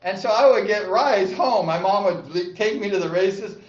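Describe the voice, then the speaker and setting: Older man with a high voice, casual rambling storyteller, laughs easily. Echoey room, dull recording. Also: normal speed, distant mic. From Southern California. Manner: rambling, says "like" a lot, laughs often, excitable yells. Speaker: vlogger, former speedway rider. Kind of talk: casual reminiscing monologue.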